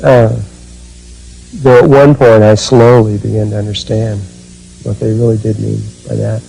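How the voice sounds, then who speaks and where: A man giving a spiritual talk and recalling his own experiences, speaking slowly and haltingly with many fillers and restarts. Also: fairly low pitch, flat delivery, gravelly, warm tone, slightly rough, soft background music, low-quality recording. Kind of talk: spiritual talk, personal recollection.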